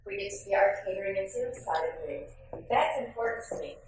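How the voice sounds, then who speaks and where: A woman from the States, leading a classroom training session for new hires in a lively, sassy, playful way. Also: medium pitch, fast, a little hiss or hum. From Southern United States. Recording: echoey room, speaker far from mic.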